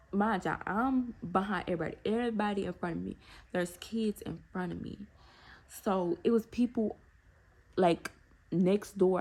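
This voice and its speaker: Gravelly-voiced young woman telling a story. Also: fairly low pitch. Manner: animated, talks straight to viewers with repeated asides. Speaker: storytime vlogger. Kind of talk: casual storytelling to camera.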